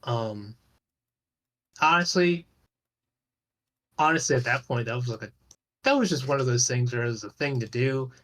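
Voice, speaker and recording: A man's voice: medium pitch, lively intonation, moderate pace, pauses often, fairly bright tone. A man talking as a guest on a podcast in a loose, rambling way, swearing casually and restarting his sentences often. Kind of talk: casual chat about an online game.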